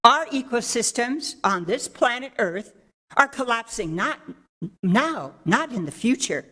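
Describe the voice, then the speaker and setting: Woman teacher at the council podium, loud and earnest, voice a touch high. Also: sing-song, unhurried. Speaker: public commenter, teacher. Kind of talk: public comment reading a story. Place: city council chamber.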